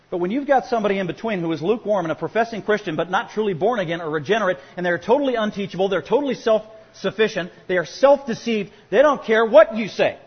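A male pastor preaching a sermon, swinging from quiet asides to loud emphatic points. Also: high voice, husky, big-room sound, dull audio.

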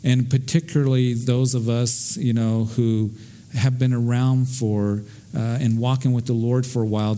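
A middle-aged American man, a pastor, teaching verse by verse through the Bible in a conversational way, telling stories and often restarting his sentences. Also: medium pitch. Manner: conversational, warm storytelling with frequent restarts.

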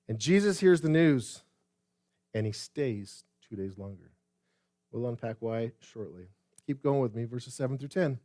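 A man's voice: on the high side, animated, normal speed, pauses often, no room sound, clean studio sound. A man preaching a sermon as pastor, speaking straight to the congregation with rhetorical questions and repeated phrases. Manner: addresses the congregation directly.

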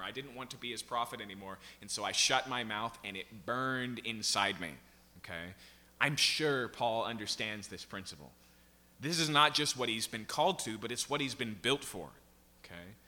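A man preaching a verse-by-verse sermon, his voice piercingly bright and forceful. He presses each point and keeps turning to the congregation with "right?" and "okay?". The sound rings with the long reverb of a large church hall. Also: mid-range voice. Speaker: pastor. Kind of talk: expository sermon.

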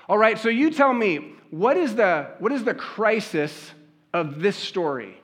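High-voiced man preaching, animated storyteller. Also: moderate pace. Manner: conversational, animated storytelling with rhetorical questions. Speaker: pastor. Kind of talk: sermon.

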